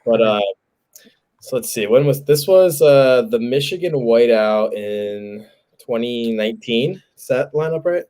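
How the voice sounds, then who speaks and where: Speaking at a measured pace in a mid-range voice, this New Jersey man in his twenties co-hosts a podcast. He shares a jokey anecdote laced with casual swearing, animated as he tells it.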